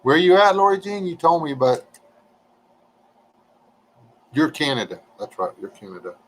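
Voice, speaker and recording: A man's voice: on the high side, big pitch swings, moderate pace, low-quality recording. A man, chatting casually and joking with viewers on a livestream. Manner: folksy, joking, reading chat aloud.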